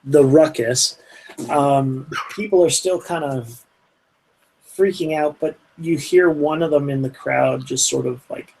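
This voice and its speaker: A man's voice: a little high, measured pace, vocal fry, darkish tone, poor audio. A man with a Canadian accent running a tabletop game as game master, narrating loosely with lots of fillers and restarts. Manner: meandering, filler-heavy narration.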